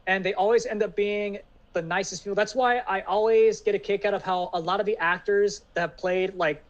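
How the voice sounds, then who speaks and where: Man, high voice, dull lo-fi sound, casual fan chat, enthusiastic. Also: fairly even intonation, fairly quick. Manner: enthusiastic fan talk, many fillers. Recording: dull lo-fi audio.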